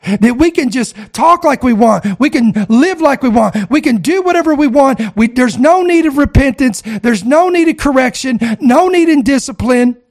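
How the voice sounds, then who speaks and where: High pitched guy preaching hard, middle aged, keeps calling out to his online crowd. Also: animated, normal speed. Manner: fervent, exhorting with call-outs. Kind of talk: sermon to an online audience.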